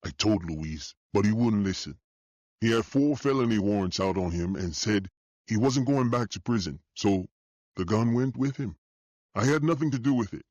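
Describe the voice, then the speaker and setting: A man's voice: fairly low pitch, lively intonation, moderate pace, darkish tone, dry recording. Man doing a shaken, defensive suspect. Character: shaken nervous male suspect. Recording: dull dry audio.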